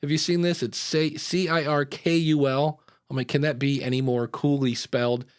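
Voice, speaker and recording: A man's voice: fairly high pitch, fairly even intonation, normal speed, smooth, no room sound. Brief: easygoing male podcast host, chatty and meandering, dry close recording. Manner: rambling, tangent-prone, many fillers. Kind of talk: casual live-show chat.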